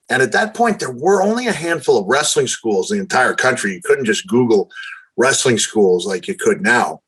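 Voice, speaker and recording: A man in his fifties, a podcast guest telling long stories with lively, self-deprecating humor. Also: mid-range voice, moderate pace, slightly rough, low-quality recording. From New York, USA. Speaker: guest, retired wrestler. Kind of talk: storytelling in conversation.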